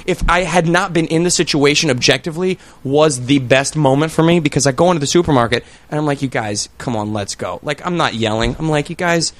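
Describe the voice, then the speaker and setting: Brief: lively male storyteller, foul-mouthed, mimics shrill kids, slightly high pitch. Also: quick pace, hardly any pauses. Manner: animated, acts out kids in shrill voices, swears freely. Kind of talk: comic storytelling among friends.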